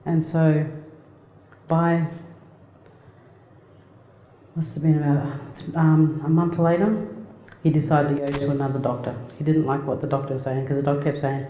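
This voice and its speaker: A middle-aged woman from Australia giving a personal talk, telling a family story in a plain, halting, reflective way. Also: deep voice, little pitch movement, dark tone, a little hiss or hum. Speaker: speaker. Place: lecture hall. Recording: echoey hall.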